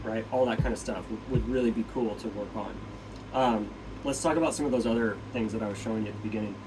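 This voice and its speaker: A man's voice: fairly low pitch, quick pace. A man giving a casual drum lesson, counting beats aloud and asking "right?" as he explains. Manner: counts beats aloud while demonstrating on a practice pad; loose, filler-heavy explaining with frequent "right?". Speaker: drum teacher. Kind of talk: casual instructional talk. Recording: distant mic with loud drum-pad noise.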